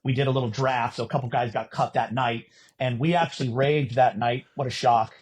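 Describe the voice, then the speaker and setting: A middle-aged man from California on a podcast, telling a story in casual chat and getting loud at the punchlines. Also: mid-range voice, steady tone, a little fast, breathy edge. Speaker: podcast co-host.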